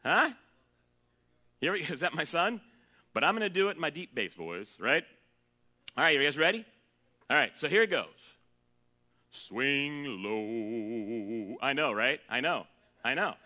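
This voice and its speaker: This fairly high-pitched preacher talks at normal speed with big pitch swings and frequent pauses. His sermon is humorous, with off-key song snippets, shifts between loud and quiet passages, and earnest turns.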